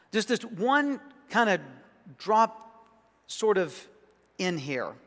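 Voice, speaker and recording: A man from South Arkansas with a Southern accent, preaching a sermon in a folksy, emphatic way that grows louder on key points. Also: on the high side, long reverb tail. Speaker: pastor. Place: church sanctuary.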